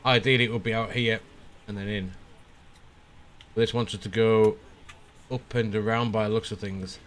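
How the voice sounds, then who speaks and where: A man streaming a flight simulator, casually talking through his preflight setup and often pausing with "uh" as he thinks aloud. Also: lowish voice, a little hiss or hum. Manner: relaxed, thinking aloud with frequent "uh" pauses. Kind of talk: casual live-stream commentary.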